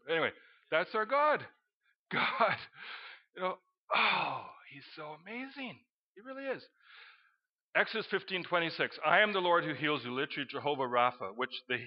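A middle-aged man preaching a sermon, telling a story and breaking into loud exclamations. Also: medium pitch. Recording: dull lo-fi recording.

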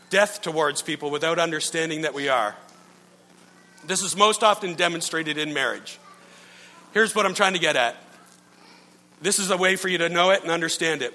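A middle-aged male pastor preaching in a relaxed, conversational way, telling stories, poking fun at himself and often checking in with his listeners. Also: high voice. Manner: storytelling, checks in with listeners, self-mocking. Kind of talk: conversational sermon. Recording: long reverb from a large hall.

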